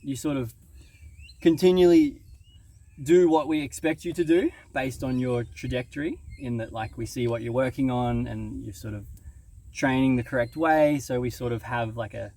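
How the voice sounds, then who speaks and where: A man's voice: mid-range voice, moderate pace, mellow. Casual Australian male host, easygoing and teasing, mid-range voice, recorded outdoors by a lake. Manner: joking, easygoing, frequent ums. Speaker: interviewer and waterski coach. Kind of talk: casual interview. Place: outdoors by a lake on a sunny day. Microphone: video camera on site.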